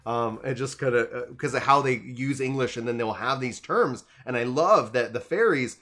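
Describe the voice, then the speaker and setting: A man's voice: medium pitch, normal speed, a bit bright. A man hosting a casual gaming podcast, talking enthusiastically in rambling runs with frequent restarts. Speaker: podcast host.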